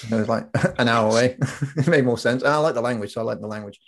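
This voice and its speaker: A man's voice: mid-range voice, fast talker, gravelly. A man chatting casually as a podcast co-host, telling stories and swearing freely. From England. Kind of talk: casual chat.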